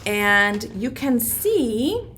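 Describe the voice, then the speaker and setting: A woman teaching a virtual preschool circle time, speaking in a slow, sing-song, encouraging way to young children. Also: a little high, very animated, a bit bright, a little hiss or hum.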